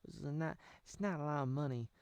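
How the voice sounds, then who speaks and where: A man's voice: fairly high pitch, fast talker, darkish tone, dry recording, pitched above the performer's own voice, lightly acted. A broke ex-duchess whines about her divorce and her empty purse, as a man puts her on, in a voice pushed well above his own. She rambles from one complaint to the next, dry and close to the mic. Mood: complaining.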